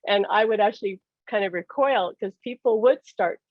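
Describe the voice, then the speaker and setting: A woman speaking as a psychic medium guest, telling personal stories in an animated way, laughing often and acting out the dialogue she recounts. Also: mid-range voice, normal speed, no room sound, lo-fi sound.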